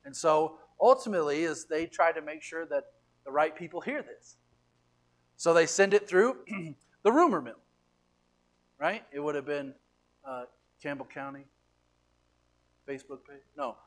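Animated preaching man, higher voice. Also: a little slow, pauses often. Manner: animated preaching, repeats words, swings from quiet asides to loud emphasis. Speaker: pastor. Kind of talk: sermon. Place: church sanctuary.

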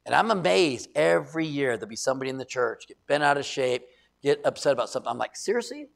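A middle-aged male pastor preaching a sermon, telling stories with loud emphasis and quiet asides. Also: medium pitch, quick pace, vocal fry. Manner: animated storytelling, shifts between loud emphasis and quiet asides.

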